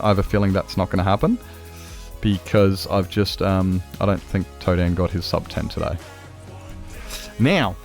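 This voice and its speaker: Blunt, rambling Australian man streaming. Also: lowish voice. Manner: rambling, blunt, swears freely, chatty with viewers. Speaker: game streamer. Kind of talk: casual live-stream chat.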